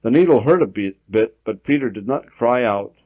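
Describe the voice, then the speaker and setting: A man reading a children's story aloud at home, expressive, lifting his voice for emphasis. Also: mid-range voice, normal speed, no room sound. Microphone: home tape recorder. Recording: dull 1960s home audiotape.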